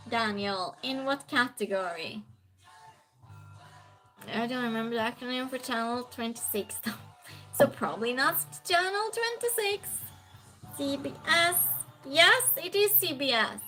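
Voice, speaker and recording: High bright-voiced woman trivia host. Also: lively intonation, a little slow, pauses often, soft background music. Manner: reads questions aloud, chats with viewers, sometimes loud. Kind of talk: casual live-stream trivia hosting.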